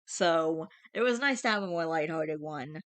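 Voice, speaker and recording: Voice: medium pitch, animated, normal speed, fairly bright tone, no echo. Casual, irreverent host reading online confessions. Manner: chatty and irreverent, swears freely, laughs often. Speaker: channel host reading posts aloud.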